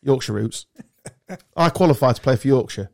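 A man's voice: medium pitch, animated, normal speed, creaky, a little mellow, no echo, studio quality. A man from England hosting a casual football chat podcast, joking and bantering with friends. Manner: joking, banter-filled, sweary. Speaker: podcast host.

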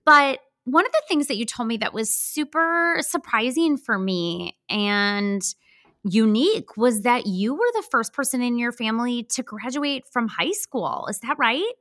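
A woman's voice: fairly high pitch, animated, unhurried, a bit bright, no room sound, studio quality. A middle-aged woman with a Midwestern accent hosting a podcast interview, bubbly and gushing with enthusiasm. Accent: Midwestern American. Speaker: podcast host.

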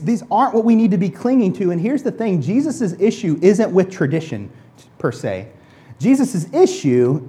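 A pastor with a mid-pitched voice gives a relaxed, conversational sermon full of restarts and doubled words. Every so often the pastor puts on mock voices to act out the excuses people make.

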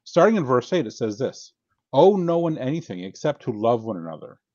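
A man's voice: medium pitch, sing-song, fairly quick, a little mellow, dry recording, lo-fi sound. A man who has written a book, explaining theology in an earnest, teaching way and reading scripture aloud on a podcast. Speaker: podcast guest, author. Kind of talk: casual theological discussion.

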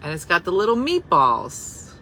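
Chatty New woman, bright voice. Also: on the low side, normal speed, slight background noise, low-quality recording. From New Jersey. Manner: chatty, animated, swings to hushed asides. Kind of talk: casual chat reacting to comments.

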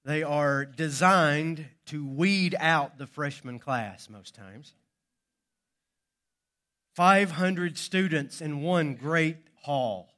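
A man's voice: on the high side, drawn-out words, sharp tone. A male pastor preaching a sermon, telling a story with dramatic pacing.

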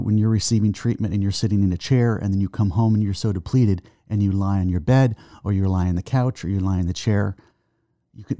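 A middle-aged man giving an earnest faith testimony in conversation, halting and restarting, reciting verses slowly. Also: on the low side, dark tone, no room sound, studio quality. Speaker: guest, son of the host.

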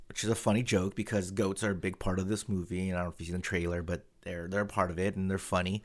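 A man's voice: low voice, fast, few pauses. A young man co-hosting a casual podcast, telling a story with lots of swearing and acted-out quotes. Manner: animated storyteller, swears freely, acts out quotes. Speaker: podcast co-host.

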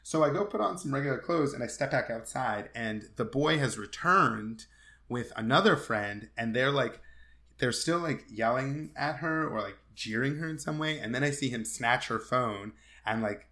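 A man co-hosting a casual podcast chat, spinning a story with lots of energy and acting out other people's lines. His voice is bright and forward, at a middle pitch for a man. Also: normal speed. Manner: animated storyteller who acts out quotes and laughs often. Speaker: podcast co-host.

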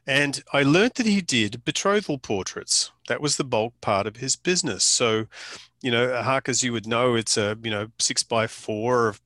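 A man's voice: medium pitch, normal speed, pushed and bright, no room sound. A man, a photographer, casually telling a long anecdote to a small group, with frequent restarts and dry humor.

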